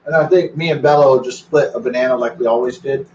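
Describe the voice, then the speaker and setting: A man's voice: medium pitch, quick pace, darkish tone, a little hiss or hum. A man in his forties rambling casually and profanely, breaking off to talk to his dog. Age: 40s. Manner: meandering, profane, talks to his dog between thoughts. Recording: echoey, distant, dull recording.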